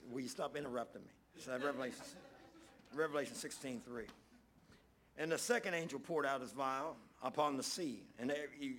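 A man preaching a casual, conversational sermon, folksy, often repeating phrases for emphasis. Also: mid-range voice.

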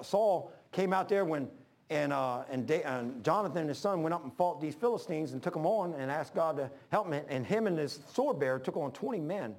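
A man preacher telling a sermon story, emphatic and swinging between loud and hushed. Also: on the high side.

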